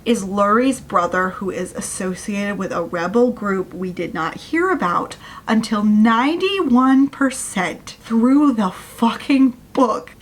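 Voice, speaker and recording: A woman's voice: medium pitch, lively intonation, a little slow, hardly any pauses, slight background noise, low-quality recording. A woman giving a ranting book review, exasperated and sarcastic, swearing freely as she recaps and mocks the plot.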